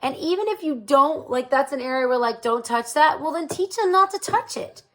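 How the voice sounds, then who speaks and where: A woman in her forties, pitched a little high, talks in a casual confessional monologue. Her talk is frank and chatty, with easy laughs, and she keeps checking in with her listeners. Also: animated, brisk, pushed and bright. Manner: laughs easily and speaks frankly. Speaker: host.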